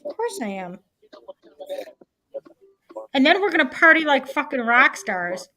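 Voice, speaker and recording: A tipsy woman on a video call, loud and giddy, swearing and making drawn-out declarations. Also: high-pitched, very animated, slight background noise. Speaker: panel guest. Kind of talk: rowdy casual video chat.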